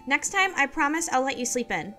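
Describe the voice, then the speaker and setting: A woman voicing a cheerful, earnest young female adventurer in a game, bubbly and quick to fret. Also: high-pitched, sing-song, bright, forceful tone, soft background music, voice pushed up, heavily acted. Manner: bubbly, then anxious and apologetic.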